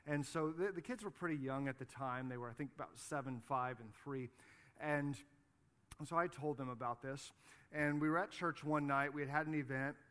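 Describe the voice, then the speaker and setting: A man's voice: on the high side, a bit bright. A man in his forties, a pastor delivering a sermon, telling a story in a conversational way with frequent "you know" and "right". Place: church sanctuary.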